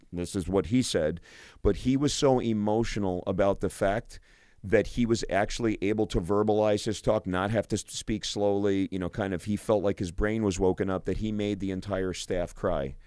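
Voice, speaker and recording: Man, radio host, doctor, enthusiastic, smooth resonant voice, somewhat low. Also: a little mellow, no room sound, clean studio sound. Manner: enthusiastic, with frequent restarts and repeated words. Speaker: radio show host, physician. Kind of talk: solo radio talk.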